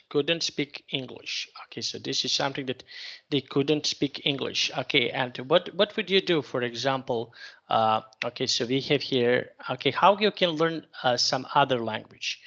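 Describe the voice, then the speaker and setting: A man's voice: medium pitch, moderate pace, gravelly, a bit bright, dull audio. A man teaching an online English lesson, patiently repeating and rephrasing each question for his student.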